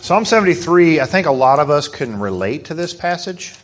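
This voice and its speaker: A middle-aged man preaching a sermon in church, fervent and hoarse, swinging from soft, slow stresses to quick, excited bursts. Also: a little high. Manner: fervent, rising to excited emphasis.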